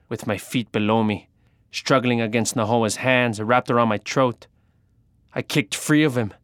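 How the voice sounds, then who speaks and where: A man narrating an adventure story in the first person, measured and dramatic. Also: mid-range voice, a bit bright, smooth, no room sound, clean studio sound.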